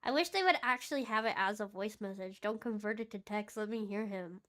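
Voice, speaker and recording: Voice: mid-range voice, a little fast, sharp tone. A VTuber chatting casually on a game stream, playful and giggly, laughing often between remarks.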